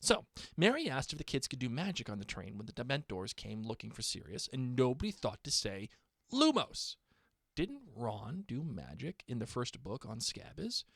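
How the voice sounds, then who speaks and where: Male podcast co-host, lively casual chatter, close dry mic. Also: mid-range voice, moderate pace, gravelly, slightly rough, dry recording. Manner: animated, reads listener emails aloud. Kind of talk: casual chat.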